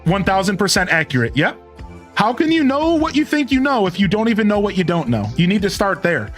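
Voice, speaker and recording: A man's voice: high voice, big pitch swings, a little fast, fairly bright tone, faint music behind. A man in his thirties rambling casually with his live-stream viewers, chuckling and thanking them by name. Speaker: game streamer.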